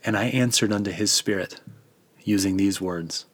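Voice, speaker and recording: Male reader as God the Father, low, dry, solemn and tender, measured delivery. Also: no room sound. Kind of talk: dramatic scripture narration.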